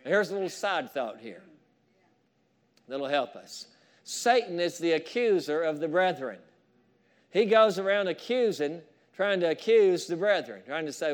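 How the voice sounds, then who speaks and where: A man preaching a fervent sermon, with asides to the congregation and rising shouts of praise. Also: high voice, lively intonation, normal speed. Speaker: pastor.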